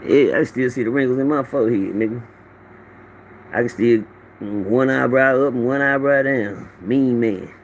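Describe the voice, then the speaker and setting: On a casual phone livestream, a middle-aged man welcomes viewers by name and wanders through crude, loose stories. He speaks at a moderate pace with a medium pitch, and a little hiss or hum is audible.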